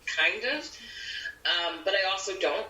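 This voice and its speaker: A woman's voice: lowish voice, measured pace. A woman actor, a podcast guest, chatting casually and acting out the people in her stories. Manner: animated, acts out quoted people. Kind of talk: casual storytelling chat. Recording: roomy audio from a distant mic.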